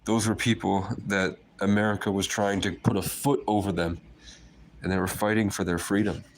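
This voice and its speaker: A man with a low voice rambles to his viewers on a phone livestream, drifting from one conspiratorial aside to the next. A faint hiss sits under his talk. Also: level tone, normal speed.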